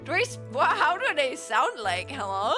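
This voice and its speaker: A woman's voice: sits high, big pitch swings, measured pace, pushed and bright, soft background music. A young woman from Germany, chatting casually with viewers on a live stream, giggling often and rambling playfully.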